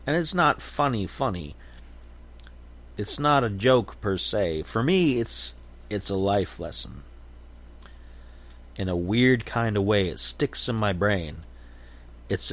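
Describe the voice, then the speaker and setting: A man hosting a podcast, telling a story and reflecting in a casual, meandering way with frequent restarts. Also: deep voice. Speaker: podcast host.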